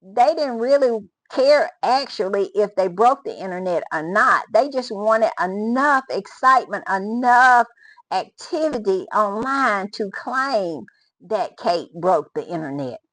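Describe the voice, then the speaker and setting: Slow, high-ish woman, emphatic commentary host, dry recording. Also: expressive, fairly bright tone, no room sound, low-quality recording. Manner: emphatic, repeats phrases, laughs often. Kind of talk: casual commentary.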